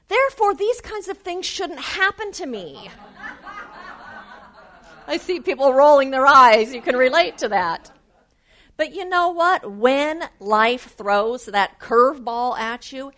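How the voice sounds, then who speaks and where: A woman giving an earnest, animated spiritual talk to a live audience. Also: fairly high pitch. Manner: earnest, animated, varied emphasis. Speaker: spiritual speaker.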